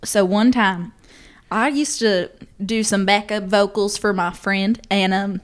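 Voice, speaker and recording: A young woman co-hosting a podcast, chatty and animated as she tells stories in casual conversation. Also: medium pitch, measured pace. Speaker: podcast co-host. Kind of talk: casual chat.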